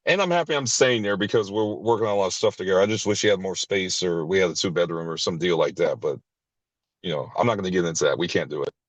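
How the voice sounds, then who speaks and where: At a recovery sharing meeting, a man candidly tells a personal story, blunt and profane, often restarting sentences and laughing briefly. He acts out others' lines with sharp pitch jumps and speaks quickly, on a dry, rough recording.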